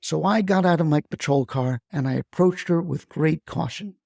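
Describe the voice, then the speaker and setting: Man, comic story narration, folksy, wry, mellow voice, dry sound. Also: a little high, moderate pace, creaky, hardly any pauses, no echo. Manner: wry, folksy, deadpan asides.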